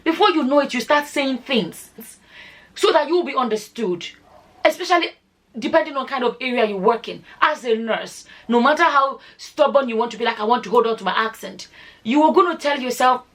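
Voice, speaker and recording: A woman's voice: a little high, expressive, a little fast, a bit bright. A Nigerian woman in her forties with a Nigerian accent, chatting casually to camera in a rambling, self-correcting way that slips into pidgin. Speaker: vlogger.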